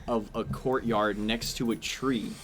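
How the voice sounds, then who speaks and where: Relaxed male game master narrating. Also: on the low side, measured pace, slight background noise. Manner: casual, filler-heavy description.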